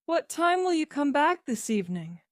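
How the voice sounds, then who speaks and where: A woman voicing an anxious mother who shouts up the stairs to wake her grown son, in a storybook reading. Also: fairly high pitch, animated, a little slow, no room sound, clean studio sound, voice pushed up. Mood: fussing.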